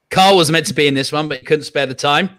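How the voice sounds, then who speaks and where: A man with a bright, forceful voice hosts a relaxed quiz chat over a video call. He jokes, laughs often and lets his asides drop almost to a mutter. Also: on the high side, fairly quick, no echo. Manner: jokey, laughing, trailing off into quiet asides. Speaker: quiz host.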